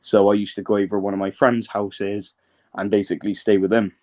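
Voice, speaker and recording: A man's voice: fairly low pitch, little pitch movement, a little fast, a little mellow. A man, a guest in a casual live-stream interview, telling his story in a rambling, hesitant way and often checking that the listener is following.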